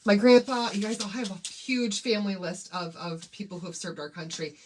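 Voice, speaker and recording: A woman's voice: mid-range voice, steady tone, a little fast, a little hiss or hum. A woman hosting a casual craft livestream, bubbly and chatty as she greets viewers one by one.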